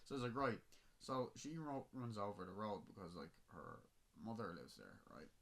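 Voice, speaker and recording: A man's voice: fairly low pitch, sing-song, moderate pace, creaky, fairly bright tone. A man with an Irish accent telling a long, rambling story on a casual podcast. He swears freely and laughs at his own tale. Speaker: podcast host.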